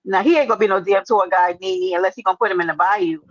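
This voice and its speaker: A woman's voice: medium pitch, steady tone, quick pace, dry recording, muffled recording. A woman hosting a casual livestream, brash and teasing, swearing freely as she talks with a caller. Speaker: livestream host.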